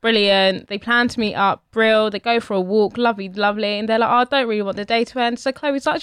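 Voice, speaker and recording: A woman's voice: fairly high pitch, fast, hardly any pauses, clear, resonant tone, dry recording, studio quality. A woman, hosting a casual chat and telling a funny story, acting out the quoted voices. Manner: animated, acts out quoted voices, laughs often. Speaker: podcast host.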